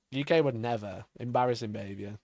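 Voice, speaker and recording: A man's voice: medium pitch, vocal fry, a little mellow, no room sound, studio quality. A man reacting live to a video for his chat, mocking and swearing with bursts of laughter.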